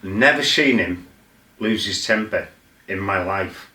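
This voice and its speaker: A man's voice: low voice, slow. Blunt, sweary man, roomy sound. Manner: animated, blunt and sweary, acts out his own shouts. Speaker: former fighter telling his life story. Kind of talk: casual storytelling interview. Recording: roomy, mic set some distance off.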